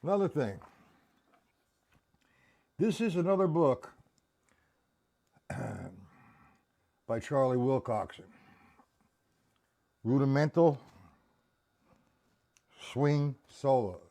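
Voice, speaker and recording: A man's voice: medium pitch, expressive, very slow, long pauses, mellow. A man teaching a live-streamed drum lesson, counting beats aloud and checking in with viewers.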